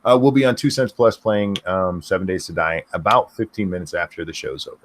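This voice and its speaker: A man hosting a live stream, reading out chat questions and answering bluntly in a casual, halting way full of fillers and restarts. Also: sits low, slight background noise.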